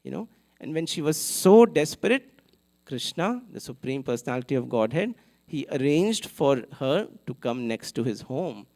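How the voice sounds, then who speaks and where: A man giving a sermon in a temple hall, telling a story in an animated way, acting out its characters and asking the audience questions. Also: mid-range voice, normal speed. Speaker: temple speaker. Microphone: live event mic.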